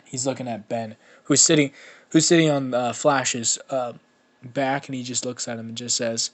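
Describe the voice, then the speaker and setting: A man improvising a fan-made story out loud, rambling with many fillers and restarts. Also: mid-range voice, steady tone, moderate pace.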